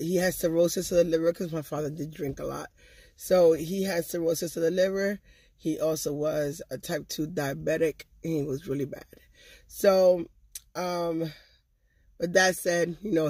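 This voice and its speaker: A woman's voice: lowish voice, fairly even intonation, a little slow, darkish tone, no room sound. Talkative woman vlogger, casual and chatty to camera, close dry sound. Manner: chatty, talkative, loves to gab. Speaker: vlogger and channel host. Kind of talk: casual vlog chat to viewers.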